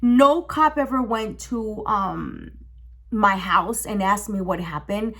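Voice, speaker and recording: A young woman telling a storytime on her vlog, emotional and animated, swearing freely. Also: medium pitch, takes it slowly. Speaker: vlogger. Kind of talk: casual storytime.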